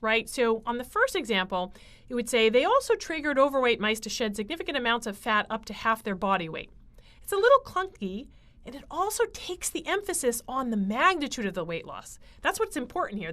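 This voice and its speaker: Woman teaching a writing class, bouncy pitch, chatty with lots of uhs. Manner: lively, explanatory, with frequent fillers. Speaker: writing instructor. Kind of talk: lecture.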